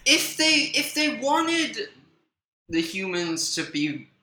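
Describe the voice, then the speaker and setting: A young man chiming in on a casual comedy podcast, hesitant and jumping in with quick questions. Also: very high-pitched, sing-song. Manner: hesitant, jumpy interjections. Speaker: podcast co-host. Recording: roomy with faint background hiss.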